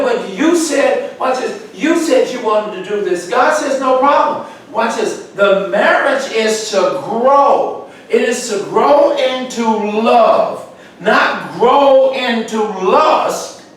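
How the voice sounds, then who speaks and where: Bible study teacher, man, very high voice, far from the mic in a booming hall, asks the class questions. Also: lively intonation, takes it slowly. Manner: asks questions for the group to answer, sudden emphatic outbursts. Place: church room. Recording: echoey church room from far off, faint noise.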